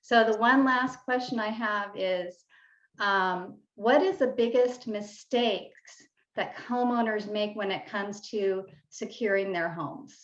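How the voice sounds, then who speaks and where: A woman's voice: mid-range voice, takes it slowly, echoey room, muffled recording. A woman real estate agent hosting a panel and asking guests questions in a friendly way. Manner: friendly interviewer.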